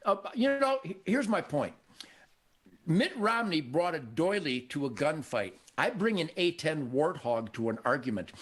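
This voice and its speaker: An older man from Michigan hosting a show, telling stories in a cocky, animated way and acting out the voices of people he quotes. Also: a little high, a little slow, slightly rough. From Michigan, USA. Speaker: show host. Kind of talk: casual storytelling conversation.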